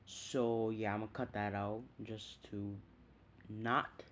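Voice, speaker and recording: A man's voice: on the low side, little pitch movement, slow pace, fairly bright tone, slight background noise. A man casually retelling a fan story, rambling and hesitant, often stopping to correct himself. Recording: dull lo-fi home recording.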